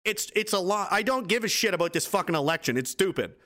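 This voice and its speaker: Man in his twenties, streamer, heated and sarcastic, swears a lot, fairly high voice. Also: animated, fast talker, sharp tone. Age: 20s. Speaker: livestream host. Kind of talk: angry political rant on a livestream.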